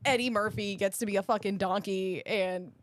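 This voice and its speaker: A woman co-hosting a podcast in casual chat, excited and gushing, swearing and laughing often. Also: mid-range voice, moderate pace. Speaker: podcast co-host.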